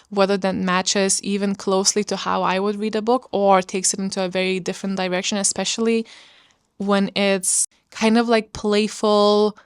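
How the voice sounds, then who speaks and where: A woman's voice: medium pitch, clear, resonant tone, no echo, studio quality. A woman vlogger talking casually about books, chatty and rambling with lots of fillers. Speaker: book vlogger. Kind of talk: casual chat.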